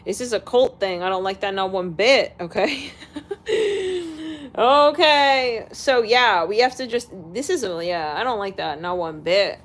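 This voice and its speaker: A woman's voice: medium pitch, expressive, unhurried. A woman hosting an astrology channel, ranting casually and bluntly to her viewers, swearing freely and laughing between remarks.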